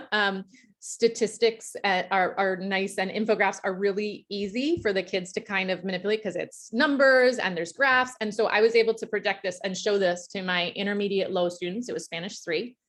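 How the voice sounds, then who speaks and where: Candid woman teacher giving workshop talk. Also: mid-range voice. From United States. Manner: candid, reflective, many fillers and restarts. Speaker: world language teacher presenting a workshop.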